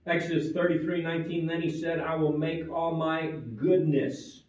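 A man preaching a sermon, stressing and repeating key words, at times rising loud and at times dropping very quiet. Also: on the high side, level tone, normal speed. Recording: echoey and distant, dull sound.

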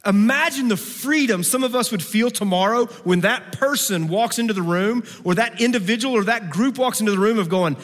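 A man preaching a sermon to a campus gathering, swinging between fervent raised passages and hushed, pleading ones. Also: high voice, fairly quick, few pauses. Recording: long hall reverb.

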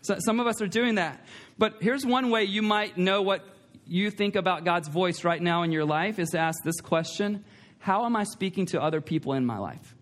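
High-voiced man preaching a sermon. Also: moderate pace, fairly bright tone. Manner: emphatic, repeats key lines, asks the congregation questions. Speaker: pastor. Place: church sanctuary.

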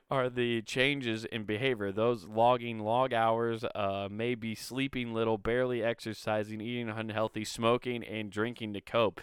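A man's voice: lowish voice, fairly bright tone, smooth, no room sound, clean studio sound. A man casually reading an article aloud and breaking off to ramble, swear and make sarcastic asides. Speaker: video host.

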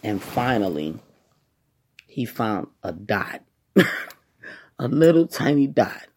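A woman telling a personal story to her viewers in a casual, animated way, talking straight to them and acting out what people said. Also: rumbling low, takes it slowly, breathy edge. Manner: animated, acts out quoted voices; colloquial, addresses listeners as y'all.

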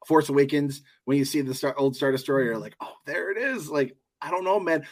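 A man hosting a podcast in casual, animated chat, laughing often and swearing freely. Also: mid-range voice. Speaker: podcast host.

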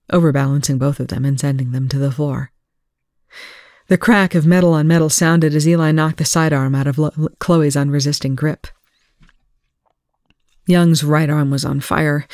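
A reader narrates a fiction chapter aloud to proofread it, in a steady, plain way. The voice is at a middle pitch and sits close to a home mic. The room is dry and dead. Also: no room sound.

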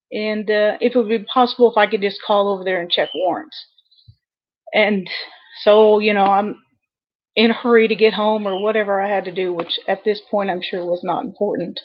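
A woman dispatcher telling a personal story over a video call, earnest and halting with many pauses. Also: medium pitch, dull audio. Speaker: 911 dispatcher guest.

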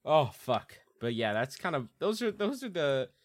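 A man's voice: a little high, big pitch swings, normal speed. A young man, a podcast co-host, telling stories in casual chat while laughing and swearing a lot.

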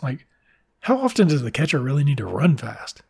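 Male podcast host, gravelly and husky, sarcastic and profane, rambling recap with quick asides. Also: a little high, sing-song, a little mellow, dry recording, clean studio sound. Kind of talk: profane comedic book recap.

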